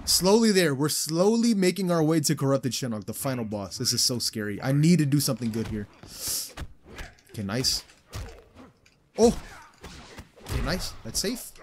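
Excitable young man commentating gameplay. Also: medium pitch, a little fast, a little hiss or hum. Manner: excitable, swearing, swings from mutters to outbursts. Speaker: gaming channel host.

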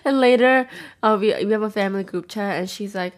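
Eating on camera, a young woman vlogger tells a rambling story to her viewers, voicing other people's lines and using lots of fillers. Her mid-pitched voice stays fairly even in intonation, and she talks a little fast.

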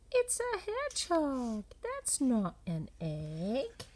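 A woman reading a children's picture book aloud in a playful, sing-song way, dropping into breathy whispers and making animal sounds. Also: high voice, wildly swooping pitch, slow pace, a little mellow. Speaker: storybook reader.

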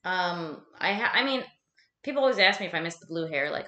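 A woman's voice: on the low side, animated, fairly quick, sharp tone. A woman streaming casual chat from home while folding laundry. She talks chattily, swears freely and pokes fun at herself. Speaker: live streamer. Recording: roomy echo.

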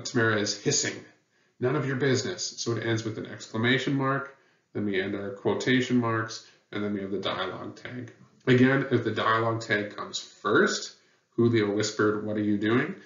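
A man's voice: on the low side, bright, forceful tone. A man teaching a lesson on writing rules, patient and plain, with many fillers. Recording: dull, roomy sound from a distant mic.

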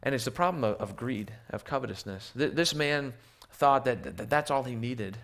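A man's voice: medium pitch, expressive, normal speed, a bit bright. A man preaching a sermon in a church with slides. He often repeats words as he restarts and asks the audience rhetorical questions. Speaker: missionary preacher.

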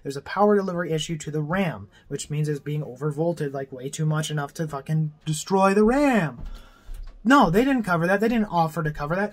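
A man's voice: on the high side, lively intonation, a little fast. Angry swearing young man ranting. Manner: heated, swearing, exasperated. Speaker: vlogger. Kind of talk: angry rant to camera.

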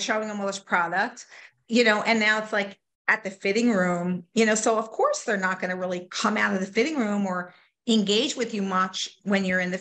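A woman retail consultant talks through her sales approach in a relaxed interview. She keeps it lively, jumping into short acted snippets of customers and salespeople as she goes. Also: mid-range voice. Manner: animated, mimics customers and salespeople in quick asides. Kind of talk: casual interview, acting out sales-floor dialogue.

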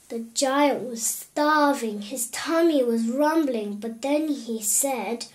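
A woman reads a rhyming children's picture book aloud in a gentle, sing-song way. Her voice is high, and she takes her time with every line. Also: slow pace, few pauses. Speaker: storyteller.

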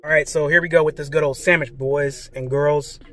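A man eating and reviewing fast food in a parked car, talking excitedly and calling his viewers "guys" and "man". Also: a little high. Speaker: food vlogger. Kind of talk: casual food review vlog. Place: parked car, traffic passing outside. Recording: faint road noise from inside a car. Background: cars passing by.

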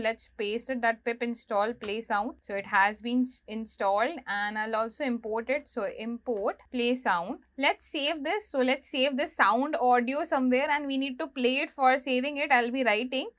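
A woman's voice: a little high, unhurried, a bit bright. A woman teaching a coding lesson, explaining each step while she types and reads code aloud. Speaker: programming instructor. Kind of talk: screen-recorded coding tutorial.

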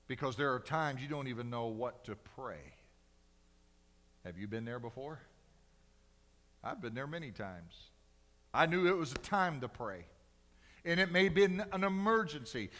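A male pastor preaching a sermon in a church, swinging from loud cries to hushed, slow emphasis. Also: fairly high pitch, long reverb tail. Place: church sanctuary.

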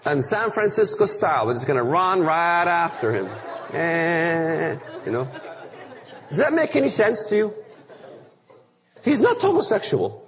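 Man, preaching a Bible lesson, emphatic rhetorical questions, high voice, echoing hall. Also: wildly swooping pitch, moderate pace, long pauses, some chatter behind, a little hiss or hum. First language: Arabic. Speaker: speaker on biblical prophecy. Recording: long reverb of a hall.

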